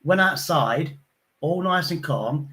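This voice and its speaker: A man hosting a casual chat, telling rough pub stories bluntly and acting out the voices of the people in them. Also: fairly high pitch, animated, slow, bright, forceful tone. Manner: blunt, sweary, acts out quoted voices.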